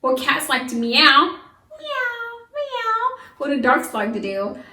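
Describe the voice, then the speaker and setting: A lively woman teacher leads a young class, firing off questions and answering them herself. Her voice sits a little high. She sounds a few steps back from the mic in an echoey room. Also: fairly quick, distant mic. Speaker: homeschool teacher. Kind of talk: children's science lesson to camera.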